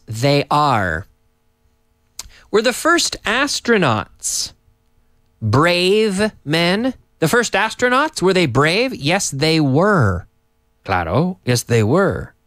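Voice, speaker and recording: A man teaches on a live stream, his voice sitting a little high and swinging up and down with energy. He sounds upbeat and teacherly, and he repeats phrases slowly for learners. The sound is close and dry. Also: a bit bright, no room sound. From Canada. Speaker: English teacher and host. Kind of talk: live-streamed English lesson.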